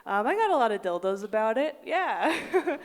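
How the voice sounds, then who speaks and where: A young adult woman performing a stand-up comedy set on a live stage, excitable, often laughing and bursting into loud outbursts. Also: a little high, moderate pace, big-room sound.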